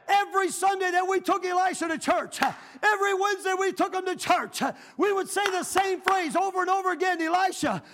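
Middle-aged man, pastor, very high voice, fervent revival preaching with shouted peaks. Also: moderate pace. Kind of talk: revival sermon. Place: church sanctuary.

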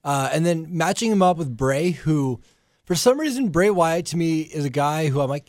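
A man's voice: a little high, expressive, normal speed, dry recording, studio quality. A young man in casual chat, rambling through his opinions with lots of fillers. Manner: rambling, lots of likes and restarts. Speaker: podcast co-host.

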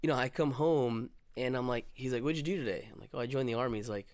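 A young man hosting a casual chat, telling a profane, animated story and acting out the quotes. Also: medium pitch, fast talker, clean tone, no echo. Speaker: podcast host.

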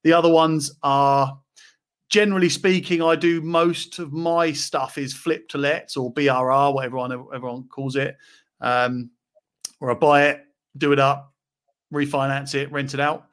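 A chatty man with a slightly higher voice than most. He talks loosely and casually, full of ums and restarts, as he hosts a live chat. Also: normal speed, clean tone. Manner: chatty, relaxed, many fillers. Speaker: property investor and host.

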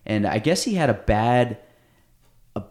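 A man hosting a casual podcast chat in a studio, retelling stories in an animated way with many restarts and quoted lines. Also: lowish voice, a little slow. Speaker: podcast host.

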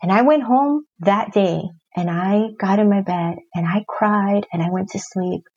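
A woman's voice: mid-range voice, a little slow, darkish tone. A middle-aged woman, a guest, openly telling a personal story in an interview, earnest and reflective. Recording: dull lo-fi sound.

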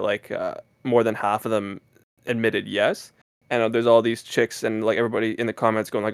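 A man's voice: on the low side, fairly even intonation, moderate pace, gravelly, dry recording, studio quality. A young man with a Canadian accent co-hosting a podcast, chatting casually and hedging with many fillers. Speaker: podcast co-host. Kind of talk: casual chat.

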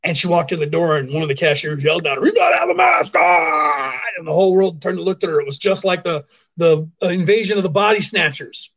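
A man's voice: fairly high pitch, fast talker, lo-fi sound. A man hosting a livestream, ranting in sarcastic casual commentary and repeating his points for emphasis. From California, US. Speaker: livestream show host. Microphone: phone.

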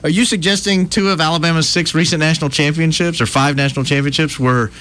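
A man's voice: fairly high pitch, steady tone, fast, fairly bright tone. A man hosting a sports talk radio show, bantering in a wry, teasing way.

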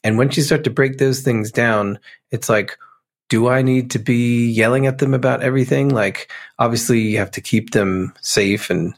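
A middle-aged musician from Pennsylvania, a guest in a casual interview, speaking reflectively and rambling with many fillers. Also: male voice, medium pitch, moderate pace.

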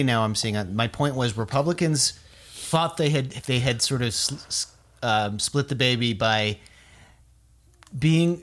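A woman co-host in political chat, chiming in with agreement and quick asides. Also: extremely low pitch.

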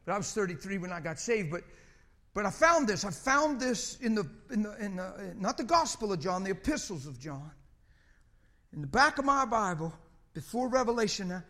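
A middle-aged man preaching, telling a personal story in an animated way and often repeating words. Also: sits high, normal speed. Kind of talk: sermon.

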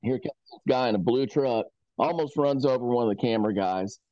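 A man co-hosting a hunting podcast, telling stories in a laid-back, drawn-out way. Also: mid-range voice, dark tone, no echo. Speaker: podcast co-host. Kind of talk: casual storytelling chat. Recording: dry, slightly dull audio.

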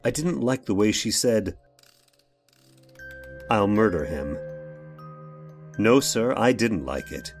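A man's voice: lowish voice, big pitch swings, slow pace, long pauses, faint music behind, full character voice. An actor playing a fussy, genteel workshop owner who narrates his own story in an old-fashioned, prim way, in a radio drama. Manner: prim, old-fashioned, addresses listener directly.

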